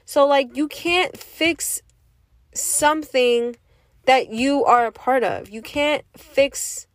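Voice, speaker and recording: A woman's voice: high voice, takes it slowly, no echo. A woman giving a casual, emphatic monologue, firing off rhetorical questions and now and then cursing. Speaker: vlogger giving opinions.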